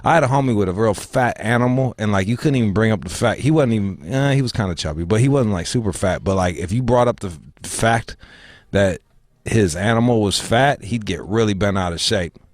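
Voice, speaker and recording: A man's voice: on the low side, brisk, no echo, studio quality. A man hosting a casual talk show, swearing freely and laughing as he rants. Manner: profane, animated, laughs often. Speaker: show host.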